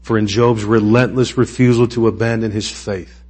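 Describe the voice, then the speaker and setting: A man's voice: fairly low pitch, flat delivery, normal speed, a little mellow. A man preaching a sermon in a conversational, emotional way that rises to impassioned peaks. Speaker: pastor.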